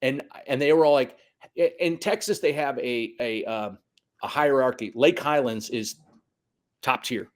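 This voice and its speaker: A middle-aged man, a high school soccer coach, telling stories in a casual conversation, acting out quotes and cursing now and then. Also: unhurried. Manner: animated storyteller, acts out quotes, swears.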